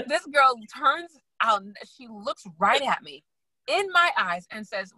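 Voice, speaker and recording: A young adult woman, a guest and magazine founder, telling her story in a lively way, acting out quoted voices and laughing often. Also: medium pitch, normal speed, dry recording, poor audio. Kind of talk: animated storytelling in casual chat.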